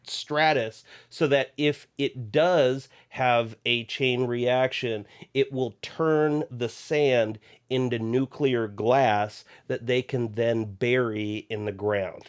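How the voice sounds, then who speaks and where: A man co-hosting a podcast, earnestly explaining a point in a halting way with restarts. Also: mid-range voice, fairly even intonation, clean tone. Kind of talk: casual podcast chat.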